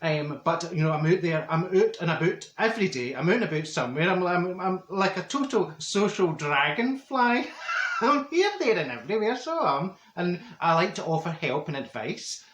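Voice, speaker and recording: A man's voice: high voice, sing-song, normal speed, a bit bright, slight background noise. Bloke doing a nosy glasgow busybody woman, broad glaswegian, gossipy and pleased with herself, voice swooping up and down, echoey room. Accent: Glaswegian Scottish. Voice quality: rambling, gossipy, self-satisfied, laughing at own jokes. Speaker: comedy character vlogger. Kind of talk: character comedy monologue. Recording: roomy echo.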